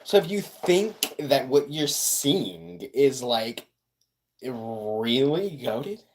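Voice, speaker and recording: A man live streaming and chatting with his viewers, boastful and self-hyping, swinging between loud outbursts and low mutters and repeating himself. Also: sing-song, extremely slow. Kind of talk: casual livestream chat with viewers.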